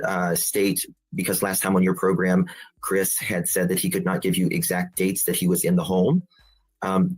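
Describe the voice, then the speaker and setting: A man guest explaining events in a halting way, with many fillers. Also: low voice, darkish tone, slightly rough, rough recording. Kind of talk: explaining on a call-in show.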